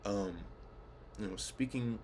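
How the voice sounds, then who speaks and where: A man's voice: lowish voice, slow pace, creaky, a little mellow, a little hiss or hum. A young man rambling casually to camera, laid-back, swearing often and laughing at himself. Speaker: vlogger. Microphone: camera mic.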